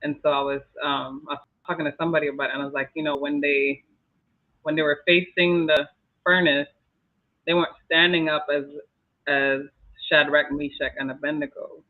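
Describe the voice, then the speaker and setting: A man's voice: on the high side, little pitch movement, normal speed. A man sharing his thoughts in a casual group Bible discussion, reflective, with trailing phrases and light laughs. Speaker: discussion panelist. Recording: tinny phone-like line.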